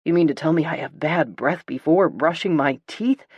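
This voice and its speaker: A woman narrator voicing a charming, playful young billionaire heir who teases in a low rumbling way. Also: moderate pace, slightly rough, no echo, highs cut off. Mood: mock-wounded. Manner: teasing, low rumbling banter.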